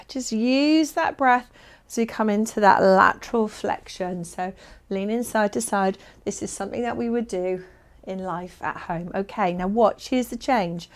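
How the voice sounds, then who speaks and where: A woman leading a fitness class, giving upbeat, encouraging and playful instructions. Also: mid-range voice. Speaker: exercise instructor.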